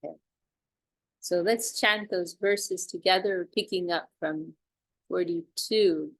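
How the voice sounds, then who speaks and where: A woman's voice: lowish voice, slow pace, low-quality recording. A woman leading an online scripture study over a video call, explaining verses in a chatty way with frequent restarts and light laughs. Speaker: study group leader.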